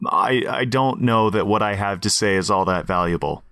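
A man's voice: lowish voice, a bit bright, dry recording, studio quality. A man from Canada co-hosting a podcast in casual, jokey chat, laughing often. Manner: chatty, jokey, quick to laugh. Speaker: podcast co-host.

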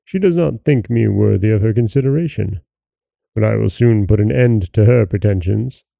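A man voicing a proud, quick-tempered old king, speaking sternly and with wrath. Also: on the low side, gravelly, dark tone, no room sound. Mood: angry.

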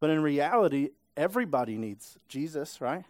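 A pastor's slightly high, sing-song voice carries a casual sermon at a moderate pace in a church sanctuary. He often checks in with his listeners through tag questions, and his tone is a little mellow on a dry recording.

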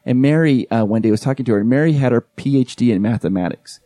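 Mellow-voiced man telling an animated story. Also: medium pitch, fast, no room sound, studio quality. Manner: animated storyteller who acts out quoted dialogue. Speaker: podcast guest, event emcee. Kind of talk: casual storytelling chat.

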